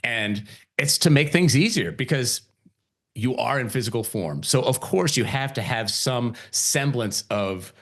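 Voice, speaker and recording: Middle-aged male podcast host, easygoing, quick to laugh, slips into quoted voices. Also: medium pitch. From Italian heritage. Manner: relaxed, laughs often, acts out quoted voices. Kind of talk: casual spiritual conversation.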